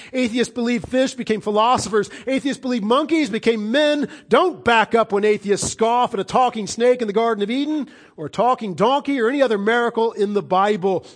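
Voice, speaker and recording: A middle-aged man delivers a sermon in a notably high voice. He is emphatic and insistent, swinging from ringing declarations down to quiet, low, earnest lines. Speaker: preacher.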